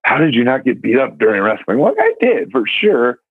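A man's voice: medium pitch, huge pitch swings, a little fast, breathy edge, no room sound, narrow, tinny audio. A man co-hosting a casual chat, talking loosely and throwing in lots of "like" and "dude". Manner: laid-back, peppered with "like" and "dude". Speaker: podcast co-host.

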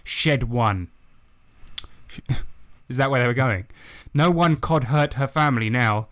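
A man with a mid-range, fairly bright voice speaks a little slowly. As a podcast co-host, he reads bad fan fiction aloud, breaking in with sarcastic, exasperated asides and swearing.

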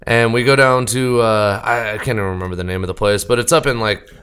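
A young man telling a rambling, profane bar story on a podcast in a casual, animated way. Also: fairly low pitch, fast talker, clear, resonant tone. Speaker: podcast guest, band member.

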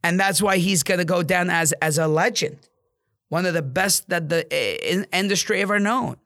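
A man's voice: high voice, normal speed, fairly bright tone, dry recording, studio quality. A man in real estate giving an intense, profane motivational monologue, repeating himself for emphasis.

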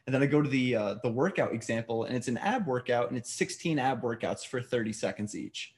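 A man's voice: medium pitch, expressive, a little fast. Rambling storyteller man from New York. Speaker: podcast guest. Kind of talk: casual chat.

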